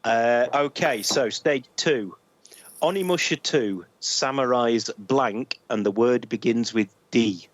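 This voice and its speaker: A man with a Northern English accent runs a relaxed podcast quiz. He speaks at an unhurried, measured pace with a middle-pitched voice. He reads each clue out carefully and chuckles along the way. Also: dry recording. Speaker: podcast quizmaster.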